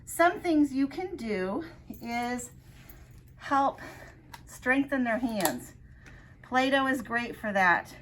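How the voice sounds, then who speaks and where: A woman working as a kindergarten assistant, giving parents practical, warm advice. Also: fairly high pitch, animated, slow pace, long pauses, a little hiss or hum. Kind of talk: informational talk to parents.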